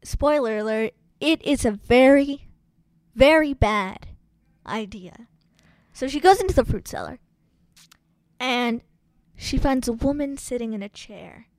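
Co-host, woman, high voice, slow unhurried delivery, chatty film recap. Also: no room sound, studio quality. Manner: chatty, animated storytelling. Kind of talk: casual film recap chat.

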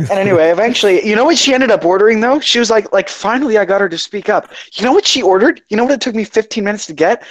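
Animated young man telling a story. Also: high voice, racing, few pauses. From Canada. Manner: animated, swearing, mimics customers. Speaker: friend in group chat. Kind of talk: casual chat, storytelling.

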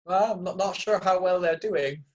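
A man's voice: high-pitched, normal speed, a little mellow, dull audio. A male podcast co-host with a mixed English and Canadian accent, who jokes at his own expense and stumbles over his first words, speaking into a studio microphone. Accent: mix of English and Canadian. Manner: joking, self-mocking, repeats words when starting. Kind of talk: casual chat.

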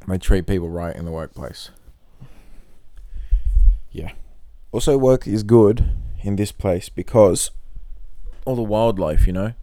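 A man's voice: lowish voice, takes it slowly, long pauses, mellow, dry recording. A man casually rambling through a solo podcast monologue, full of swearing and offhand jokes. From not from Australia. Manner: rambling, profane, joking. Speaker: podcast host. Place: in Australia.

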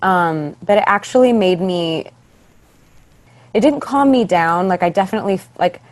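Young woman, low-pitched voice, animated storyteller, acts out quotes. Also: moderate pace. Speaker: podcast guest, stage actress. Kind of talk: casual interview storytelling.

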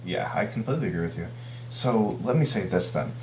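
A man's voice: on the low side, lively intonation, a little fast, darkish tone, roomy sound, slight background noise. A man co-hosting a casual chat, giving blunt, opinionated takes.

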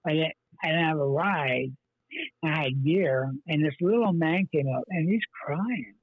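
A man's voice: fairly high pitch, a little slow, slightly rough, no room sound. A man, a pastor, earnestly telling his life story in an interview, rambling with many fillers and restarts. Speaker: pastor, guest. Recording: tinny phone-line sound.

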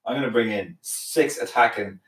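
A man's voice: medium pitch, normal speed, distant mic. A man co-hosting a casual football podcast, chipping in often with questions. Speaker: podcast co-host. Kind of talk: casual sports podcast chat. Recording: echoey, off the mic.

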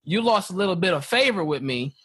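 A man in a casual Bible discussion, reading scripture slowly and acting out the dialogue with animation. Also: sits high, lively intonation, bright, forceful tone, husky. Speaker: podcast co-host teaching scripture.

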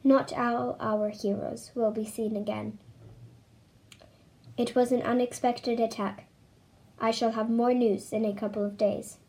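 A woman's voice: a little high, little pitch movement, a little slow, warm tone, poor audio. A woman voicing a stern, well-spoken male radio announcer in a story reading. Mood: solemn. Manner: formal, strict.

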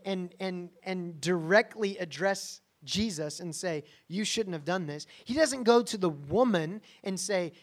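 A man's voice: high-pitched, fairly bright tone. A man preaching a sermon in a conversational, emphatic way, often checking in with the listeners. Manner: emphatic, conversational, frequent "right?" asides. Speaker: pastor.

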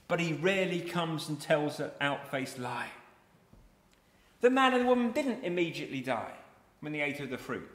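A man with a bright, fairly high voice preaches a sermon, reading scripture and then unpacking it line by line. His voice rings through a large echoey hall with a long reverb tail. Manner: expository, reads scripture aloud then explains it.

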